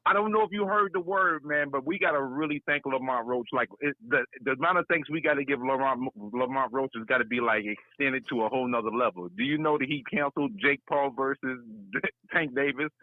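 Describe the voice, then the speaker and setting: A man's voice: mid-range voice, brisk, no room sound. A man calling into a boxing talk show, chatting in a laid-back, easygoing way. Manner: laid-back, chatty, calls host "Coach". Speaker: caller. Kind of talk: casual call-in boxing talk. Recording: tinny phone line.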